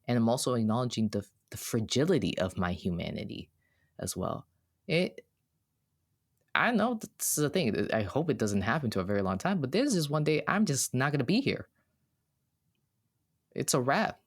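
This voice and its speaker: In casual, reflective podcast talk, a male co-host speaks earnestly and from the heart, frequently starting his sentences over. His mid-range voice has a sing-song quality at a moderate pace, and he pauses often.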